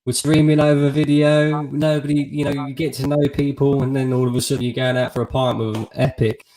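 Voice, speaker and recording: A man's voice: mid-range voice, little pitch movement, a little fast, warm tone, rough recording. A man hosting a casual live stream, asking questions and reading viewer comments in an easygoing way. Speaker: host.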